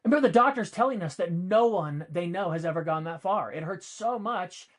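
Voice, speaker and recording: A man's voice: high-pitched, lively intonation, brisk. A middle-aged man co-hosting a podcast, telling a personal story emphatically and repeating key points for effect. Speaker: podcast co-host.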